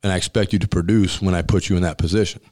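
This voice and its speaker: A rapid-fire talker with a very low, deep voice, this restaurant owner and former college football center tells stories in a casual interview. He speaks bluntly with emphasis, acting out the dialogue amid laughs.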